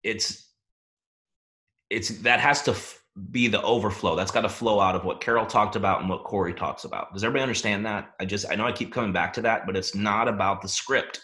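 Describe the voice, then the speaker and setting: A man's voice: lowish voice, brisk, bright, forceful tone. A man hosting a coach training session, giving an emphatic motivational talk and asking the audience questions.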